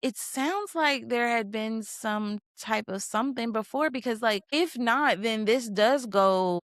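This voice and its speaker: A woman's voice: fairly high pitch, measured pace, a bit bright, dry recording, clean studio sound. A woman co-hosting a podcast, giving her opinions casually and thinking aloud with many fillers. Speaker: podcast co-host. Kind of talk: casual discussion.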